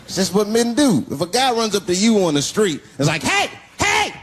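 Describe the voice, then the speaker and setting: A man's voice: sits high, lively intonation, a little fast, slight background noise. A man doing a stand-up set in a club, telling stories animatedly and acting out characters with big swings in his voice. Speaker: stand-up comedian. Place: comedy club stage. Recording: live club set with loud crowd laughter.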